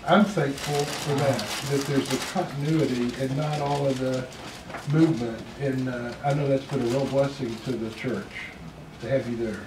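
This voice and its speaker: A man hosting a seminar who chimes in warmly with remarks and thanks. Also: mid-range voice, fairly even intonation, moderate pace. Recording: echoey room from a distance, noisy.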